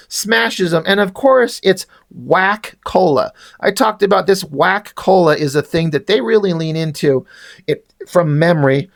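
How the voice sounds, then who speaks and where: A man's voice: high-pitched, expressive, normal speed, vocal fry. A man reviewing a comic book in a casual rant, sarcastic, exasperated and full of swearing.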